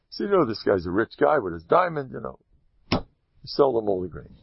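Gravelly, lively man telling a parable. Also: medium pitch, normal speed, highs cut off. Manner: animated, folksy, with Hebrew and Yiddish terms. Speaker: storyteller giving moral advice. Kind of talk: spoken parable with a moral.

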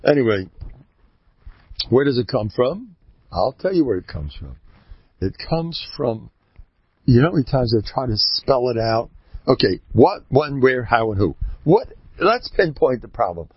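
A man, a rabbi, giving an informal religious talk in an animated, rambling way, often mimicking other people's voices. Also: medium pitch, unhurried, breathy edge, dry recording. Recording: dull lo-fi recording.

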